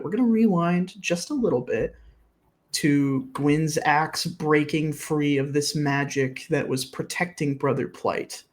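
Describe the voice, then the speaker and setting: A man's voice: on the high side, darkish tone. A man narrating and explaining rules as game master of a live-streamed tabletop game. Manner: measured, explains rules patiently. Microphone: streaming setup.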